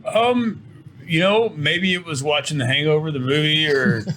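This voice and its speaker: A middle-aged man, a company owner, giving an earnest interview pitch for his business and often repeating words as he restarts. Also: moderate pace, sharp tone, slight background noise. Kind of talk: promotional interview talk.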